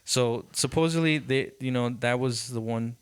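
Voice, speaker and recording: A man with a clear, resonant, medium-pitched voice talks at a normal speed on his podcast, with no room sound in the recording. The conversation is casual, and he tells stories energetically, voicing the quotes and swearing a lot.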